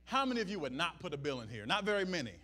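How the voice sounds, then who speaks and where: A man's voice: a little high, very animated, racing, sharp tone. A male pastor preaching a sermon, repeating his points for emphasis and checking in with the congregation. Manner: preaching with emphatic repetition and "Amen?" asides to the congregation.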